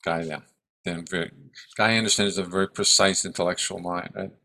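A man in his seventies giving a reflective talk on the self, thoughtful and halting, often restarting his sentences. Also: deep voice, fairly even intonation, sharp tone. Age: 70s.

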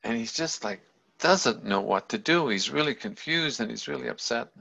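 A man's voice: medium pitch, lively intonation, normal speed, vocal fry, bright, forceful tone. A man telling a story in a loose, rambling, casual way, in a dull lo-fi recording. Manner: loose and rambling, many fillers and restarts.

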